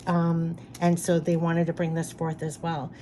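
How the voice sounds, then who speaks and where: A woman with a low, mellow, warm voice reads spirit cards aloud for the viewer. She sounds earnest and heartfelt, circling back to the same reassuring phrases over and over. Faint noise sits underneath her. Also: completely flat delivery, unhurried. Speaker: spirit card reader. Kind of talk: intuitive card reading addressed to the viewer.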